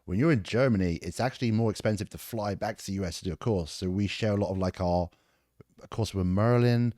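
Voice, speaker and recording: A British man in his forties, a guest on a podcast, telling stories about his army years in a relaxed way. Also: lowish voice, brisk, dry recording, studio quality. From England. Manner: laid-back storytelling, swears and laughs a lot. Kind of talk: casual interview.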